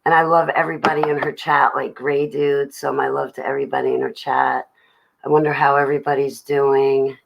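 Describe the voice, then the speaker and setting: A woman's voice: a bass voice, flat delivery, a little fast, gravelly, rough recording. A young adult woman hosting a livestream, rambling chattily about her day and greeting viewers in the chat. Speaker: livestream host.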